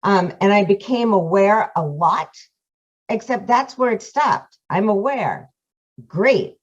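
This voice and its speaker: A woman's voice: mid-range voice, lively intonation, slow pace. Candid, profane woman on a muffled call. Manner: frank, profane, self-mocking and emotional. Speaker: course participant giving a testimonial. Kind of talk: candid testimonial on a video call. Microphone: computer camera mic on a video call. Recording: muffled video-call audio.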